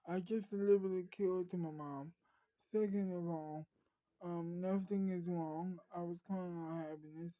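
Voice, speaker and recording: A woman voicing Jackie, a joyful, tearful young woman in a homemade story, speaking haltingly and repeating herself. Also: fairly low pitch, dark tone, dry recording.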